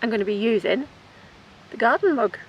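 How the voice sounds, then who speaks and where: A woman's voice: on the high side, animated, brisk, muffled recording, a little hiss or hum. A woman hosting her gardening vlog outdoors in the garden, chatting casually and enthusiastically and giggling often. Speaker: gardening vlogger. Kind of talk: casual chat.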